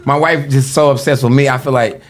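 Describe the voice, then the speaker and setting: A man as a podcast guest, telling animated, slangy stories in casual chat and often cutting in with "listen". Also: medium pitch, a little fast.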